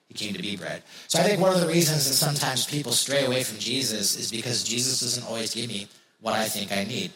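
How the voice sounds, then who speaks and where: A man's voice: medium pitch, pushed and bright, reverberant, low-quality recording. A man preaching a sermon in a conversational way, repeating key phrases for emphasis. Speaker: pastor.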